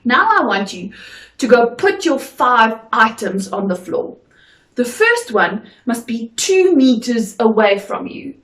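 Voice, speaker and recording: A woman drama teacher giving a video lesson, speaking slowly with careful, crisp articulation. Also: a little high, very animated, a bit bright. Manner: slow, clearly articulated delivery. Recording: echoey room.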